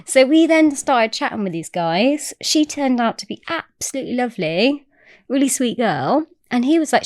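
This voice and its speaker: A woman guest on a podcast telling a story in casual chat, animated and swearing freely. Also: a little high, moderate pace, no echo, studio quality.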